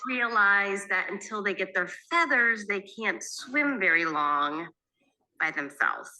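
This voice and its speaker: A woman's voice: mid-range voice, animated, takes it slowly, bright, forceful tone, rough recording. Giggly woman telling a story. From Maine. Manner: laughing often while telling a story. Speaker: guest storyteller. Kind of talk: casual storytelling.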